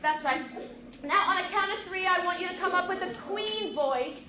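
Woman teacher, high voice, energetic drama class coaching, echoey room full of kids. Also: moderate pace, a little hiss or hum. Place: school classroom. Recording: echoey classroom with students around.

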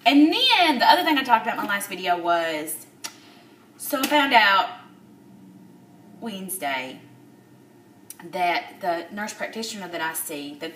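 A woman's voice: mid-range voice, very animated, fairly bright tone, far from the mic, slight background noise. Upset woman in her thirties, tearful. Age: 30s. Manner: emotional, tearful, halting with many fillers. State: upset, near tears. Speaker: vlogger. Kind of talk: personal video diary. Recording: roomy echo, a bit off-mic.

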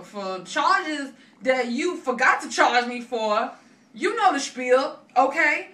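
A woman playing a brassy new york caller fed up with her bill, high bright voice, roomy off-mic sound. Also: distant mic. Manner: brash slangy complaining. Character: loud sassy irate woman customer from the Bronx.

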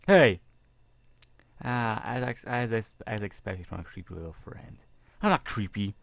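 A man reading a visual novel aloud in a casual, halting way with jokey asides. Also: fairly low pitch, creaky, a bit bright, dry recording. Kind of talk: casual game reading with commentary.

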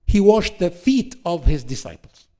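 Male lecturer, animated, rhetorical questions, acts out quotes, pitch swings widely. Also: normal speed. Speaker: Islamic lecturer. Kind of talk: religious lesson to an audience.

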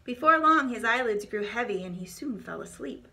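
Woman storyteller, children's devotion, bright tone, a bit high, expressive reads. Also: moderate pace. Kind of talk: reading a children's storybook aloud.

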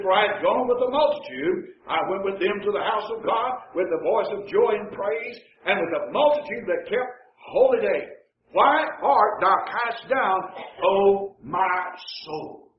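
A man preaching a sermon, reading scripture slowly and often repeating words as he goes. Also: high-pitched, slight background noise. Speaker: pastor. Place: church sanctuary. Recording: dull, roomy church recording.

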